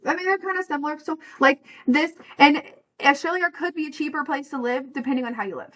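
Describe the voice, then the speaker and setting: A woman's voice: sits high, fast, fairly bright tone, low-quality recording. Chatty, swearing woman on a podcast. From United States. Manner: chatty, swears freely, reads figures out. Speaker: podcast co-host. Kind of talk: casual chat, reading facts aloud.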